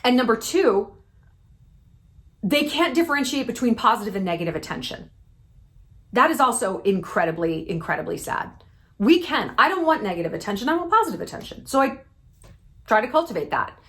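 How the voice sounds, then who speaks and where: A woman in her thirties giving blunt advice straight to her viewers, emphatic and salty-mouthed, with big swings in pitch. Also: big pitch swings, fairly quick, long pauses, fairly bright tone. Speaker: YouTube commentator. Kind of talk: direct-to-camera advice talk.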